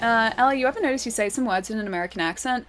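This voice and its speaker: A woman's voice: on the high side, rapid-fire, noisy background. A young Australian woman chatting casually while livestreaming a game, giggling often and answering her chat. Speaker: streamer. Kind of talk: live game stream chat.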